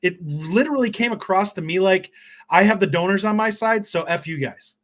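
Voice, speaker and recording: Animated higher-voiced man on a sports podcast. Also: fairly quick. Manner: animated, mimics voices in quoted asides. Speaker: podcast co-host. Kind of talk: casual sports podcast chat.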